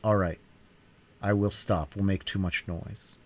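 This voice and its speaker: A quiet, resigned young woman, her words low and hushed, as a male reader voices her in a cold-read audiobook. The voice sits very deep and stays soft and subdued. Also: fairly even intonation, unhurried.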